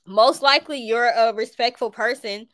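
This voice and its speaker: A woman's voice: on the high side, moderate pace, fairly bright tone, no room sound. A woman with a Southern US accent giving a tarot reading to viewers, talking emphatically and repeating her points. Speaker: tarot reader.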